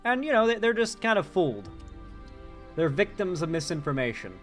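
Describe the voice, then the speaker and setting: A man's voice: sits high, big pitch swings, moderate pace, soft background music. A man hosting a casual live-stream commentary, loose and chatty, laughing often as he reads out viewer donations.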